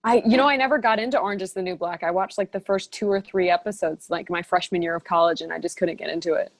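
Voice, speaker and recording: A young woman guest in casual chat, playful and quick to agree and laugh along. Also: fairly low pitch, no echo.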